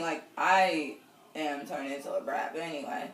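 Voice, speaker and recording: A woman's voice: low voice, moderate pace. A woman in her thirties casually telling a personal story, rambling with lots of fillers. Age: 30s. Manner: chatty, rambling, many fillers and laughs. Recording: roomy echo, distant from the mic, faint noise.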